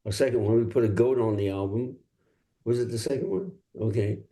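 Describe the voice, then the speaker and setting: An older male singer-songwriter from Los Angeles, telling stories in a relaxed interview and laughing often. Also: mid-range voice, a little fast. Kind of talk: casual interview talk.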